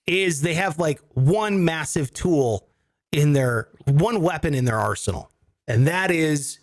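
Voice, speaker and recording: A man's voice: fairly high pitch, no room sound. A man co-hosting a comedy finance podcast, explaining with jokes and casual swearing. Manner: animated, jokey, swears casually. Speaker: co-host.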